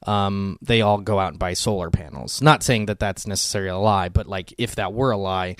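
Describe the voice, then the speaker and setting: A man talks loosely on his podcast, his voice sitting a little low and heard close and dry. He rambles, fills gaps with ums and swears offhandedly. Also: brisk, fairly bright tone, smooth, no echo. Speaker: podcast co-host. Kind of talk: casual chat.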